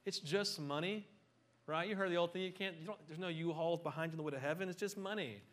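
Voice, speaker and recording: A middle-aged man preaching a conversational sermon, animated and full of joking asides. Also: high voice, quick pace. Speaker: pastor.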